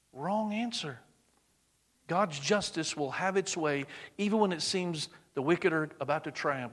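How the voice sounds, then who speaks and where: Preacher, male, bright forceful tone, slightly high, big dynamic swings. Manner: animated, swings between loud emphasis and hushed near-whispers. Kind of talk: sermon.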